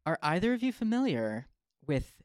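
A man spins a tale for his podcast, playful and full of jokey asides. His pitch swings widely as he talks. The sound is dry and close. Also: big pitch swings, moderate pace, dry recording. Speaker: podcast host. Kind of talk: comic podcast storytelling.

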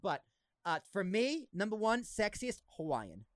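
Lively high-voiced man with faded Boston accent. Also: no room sound, clean studio sound. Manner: animated, laughs often, quick impressions. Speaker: podcast host. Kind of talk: casual chat.

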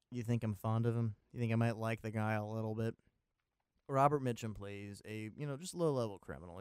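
Man from Maryland, podcast host. Rambling, cursing, sarcastic. Smooth, crisp voice, dry and close. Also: lowish voice, darkish tone, no echo. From Maryland, USA. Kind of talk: casual movie review.

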